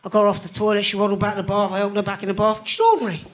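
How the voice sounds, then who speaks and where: Male comedian, 30s, high voice, dry deadpan stand-up delivery. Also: rapid-fire.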